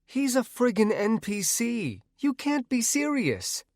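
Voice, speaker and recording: A man voicing a sharp-tongued young woman adventurer who speaks with mocking disdain. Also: very high-pitched, sing-song, slow, no room sound, studio quality, pitched above the performer's own voice, exaggerated voice. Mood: scornful.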